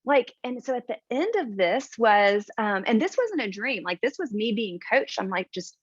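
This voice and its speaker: A woman's voice: on the high side, very animated, moderate pace, husky, no echo, muffled recording. A woman sharing her personal story on a video call in a casual, chatty way, with lots of "like" and "um.". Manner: chatty, full of "like" and "um".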